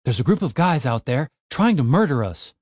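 A man's voice: mid-range voice, big pitch swings, moderate pace, breathy edge, dry recording, clean studio sound. A man voicing a nervous, apologetic young male adventurer. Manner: apologetic, hasty.

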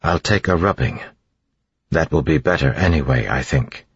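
A man with a husky voice voicing a careful, precise scholar in an audiobook reading. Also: extremely low pitch, animated, no echo, highs cut off, exaggerated voice. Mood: measured. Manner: measured, precise.

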